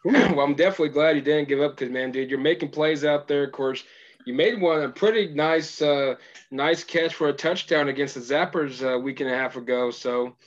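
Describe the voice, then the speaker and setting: A man interviewing a football player in a relaxed, halting way with many fillers. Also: a little high. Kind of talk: casual interview. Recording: dull lo-fi sound.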